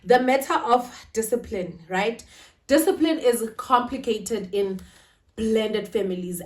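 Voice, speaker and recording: A woman's voice: medium pitch, measured pace, a little mellow. A woman talking to camera about family life in a confiding, emotional way, often asking "right?" and speaking. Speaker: vlogger. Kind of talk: casual talk to camera. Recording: roomy, slightly distant.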